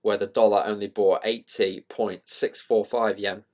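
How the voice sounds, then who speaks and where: A man's voice: lowish voice, level tone, normal speed. Rambling man talking charts. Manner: rambling, self-deprecating, thinking out loud with fillers. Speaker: trading channel host. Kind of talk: casual screen-share market commentary.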